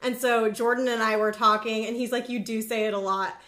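A woman's voice: on the high side, flat delivery, brisk, fairly bright tone. A young woman with a Californian accent, chatting casually as a podcast co-host and using lots of filler words. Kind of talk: casual chat. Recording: roomy echo.

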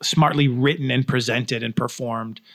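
A man in casual podcast chat, telling profane, animated stories as a guest. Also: medium pitch, normal speed. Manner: storytelling, profane, animated asides. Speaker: comedy writer and guest.

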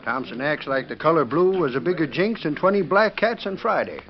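A man's voice: a little high, animated, brisk. An actor playing a chatty, knowing frontier townsman, on a dull old radio recording. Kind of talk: 1940s radio acting.

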